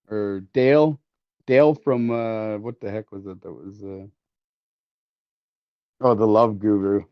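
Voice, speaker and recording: Demonstrating 3D scanning on a casual workshop livestream, this man jokes and rambles, often restarting and using fillers. He speaks unhurriedly in a fairly low, steady, clean voice, recorded dry on slightly dull, lo-fi stream audio.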